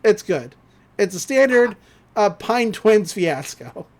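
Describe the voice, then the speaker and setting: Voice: medium pitch, slow pace. A podcast host retelling a cartoon episode scene by scene with laughter. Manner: animated retelling with frequent laughs. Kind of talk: casual episode recap.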